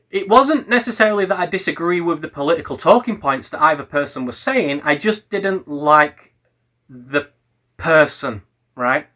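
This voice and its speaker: A man's voice: a little high, pushed and bright. A young man, a YouTuber, ranting on camera in a heated, sweary, sarcastic way. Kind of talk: ranting commentary vlog.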